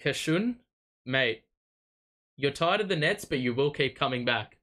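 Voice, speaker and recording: A young man hosting a live fan watch party, calling the plays as an excitable, exasperated fan who swears freely. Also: medium pitch, a little slow. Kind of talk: live fan play-by-play commentary.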